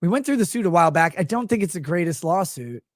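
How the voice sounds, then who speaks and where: A man's voice: high-pitched, animated, fast, no room sound, clean studio sound. A man hosting a livestream, ranting in a rambling, sarcastic and profane way into a desk microphone. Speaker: show host. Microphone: streaming desk microphone.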